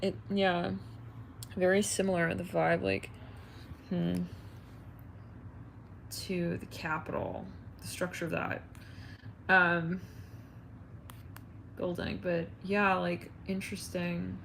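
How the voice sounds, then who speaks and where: A woman's voice: lowish voice, flat delivery, takes it slowly, gravelly, long pauses, a bit bright, slight background noise. A woman hosting an astrology live stream, chatting in a rambling, giggly way with her viewers.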